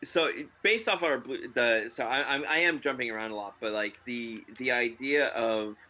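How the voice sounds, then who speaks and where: A man's voice: mid-range voice, normal speed, bright, forceful tone. A man co-hosting a podcast in casual chat, rambling with many fillers and frequent laughs. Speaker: podcast co-host.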